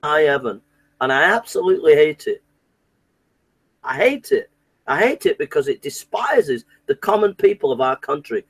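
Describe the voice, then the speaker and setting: A man's voice: a little high, wildly swooping pitch, moderate pace, husky, no room sound, low-quality recording. A man delivering an indignant, repetitive political rant, often restarting his sentences. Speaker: political commentator. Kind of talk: impassioned monologue to camera.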